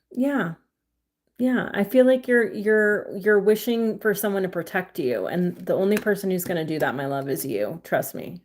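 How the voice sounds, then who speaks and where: A young woman chatting casually on a livestream, giving tarot readings to viewers, full of "like" and "um" fillers and warm pet names. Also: mid-range voice. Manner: chatty, filler-heavy with frequent "like" and "um", affectionate to viewers. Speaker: livestream tarot reader and crystal seller.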